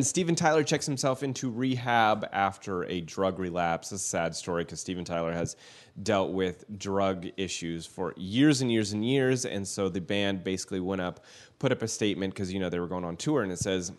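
A man's voice: low voice, normal speed. A man co-hosting a podcast, chatting casually about celebrity news, swearing now and then. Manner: chatty, swears casually, reads statements aloud. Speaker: podcast co-host.

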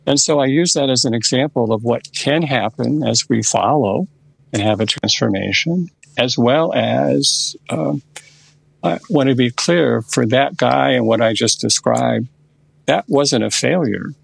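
This older male therapist, interviewed on a podcast, describes a session stage by stage in an easygoing, conversational way. He speaks in a mid-range voice with vocal fry and slight roughness, recorded without echo.

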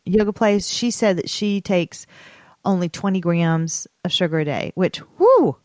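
A woman's voice: on the low side, moderate pace, a little mellow, dry recording, studio quality. A woman co-hosting a podcast, chatting casually and playfully, laughing often. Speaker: podcast co-host. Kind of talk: casual chat.

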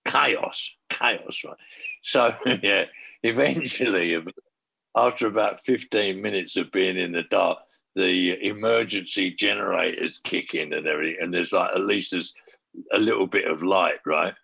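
A man, a former band manager, telling a profane and animated backstage anecdote in casual talk. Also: deep voice, a little slow, gravelly, breathy edge.

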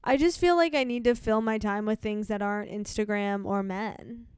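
A woman's voice: mid-range voice, normal speed, darkish tone, clean tone, dry recording, clean studio sound. Laid-back young woman chatting on a podcast. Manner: storytelling, frequent laughter and quoted voices. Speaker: podcast co-host. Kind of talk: casual chat.

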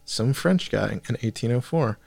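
A man hosting a podcast, reading a text aloud haltingly with fillers and skipped words. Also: medium pitch, expressive, creaky, a little mellow, slightly rough, dry recording. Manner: reads haltingly, with fillers and skips. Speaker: podcast host.

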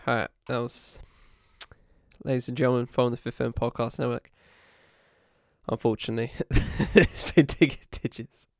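A man's voice: medium pitch, steady tone, unhurried, gravelly, long pauses, dry recording, studio quality. A man co-hosting a podcast, casual and teasing, laughing often as he banters and signs off the show. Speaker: podcast co-host.

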